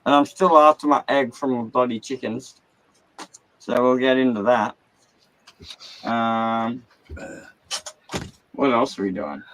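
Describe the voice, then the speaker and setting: A man's voice: mid-range voice, fairly bright tone, rough recording. An Australian man hosting a casual livestream, ranting with heavy swearing from his caravan. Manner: agitated, heavy swearing, rambling. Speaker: livestream host.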